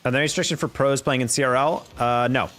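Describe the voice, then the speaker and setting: A young man from New York casting a live esports match, calling plays quickly and chatting with his stream viewers in between. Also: mid-range voice. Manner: rapid play-by-play that jumps up in excitement, chatting with viewers between plays. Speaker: esports caster. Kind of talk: live-streamed play-by-play commentary with chat.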